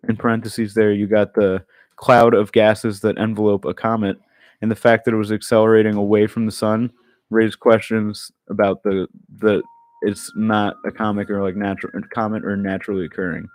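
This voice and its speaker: A man with a fairly low voice talks loosely on a podcast, tripping over words as he reads something out. The sound is dry and close, with no room around it. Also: little pitch movement, normal speed, darkish tone, no echo. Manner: loose, stumbling over words while reading news. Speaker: podcast co-host. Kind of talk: casual chat.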